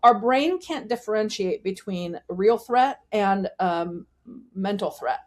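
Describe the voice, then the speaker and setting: A woman vocal coach, a guest in an interview, explaining voice technique in an animated way and demonstrating it as she talks. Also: mid-range voice, slow pace.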